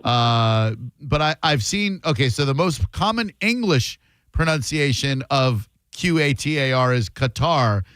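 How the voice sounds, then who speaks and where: A man's voice: medium pitch, animated, measured pace, a bit bright, clear, resonant tone, no echo. A man hosting a call-in radio talk show, speaking casually and thinking aloud. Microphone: studio microphone.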